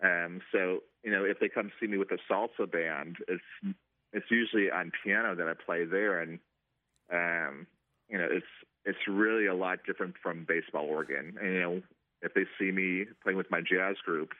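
A man's voice: sits low, fairly even intonation, moderate pace, no room sound. A man working as a stadium organist, answering interview questions casually with many ums and restarts. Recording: tinny phone line.

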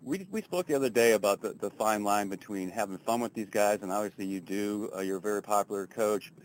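A man's voice: lowish voice, fast talker, rough recording. A man, a baseball reporter, interviewing a coach in an easygoing way, with filler words. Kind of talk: casual interview. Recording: faint background ambience.

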